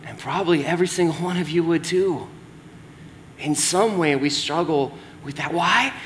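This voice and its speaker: A young man preaching as pastor in a casual, conversational sermon, with animated asides and frequent "right?" checks to the congregation. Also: on the high side, moderate pace, slight background noise.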